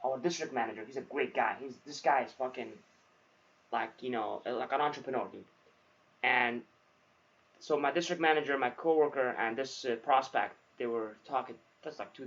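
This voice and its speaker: A young man co-hosting a podcast as a new salesman, chatting casually, swearing often and saying "dude" a lot. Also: mid-range voice. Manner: swears freely, says dude often, animated storytelling. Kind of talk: casual chat. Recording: dull lo-fi sound.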